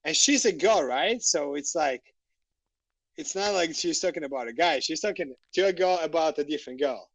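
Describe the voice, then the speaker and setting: A man, a podcast guest, telling stories in a casual, animated way, laughing and swearing freely. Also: on the high side, moderate pace, no echo, low-quality recording. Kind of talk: casual storytelling. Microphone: podcast microphone.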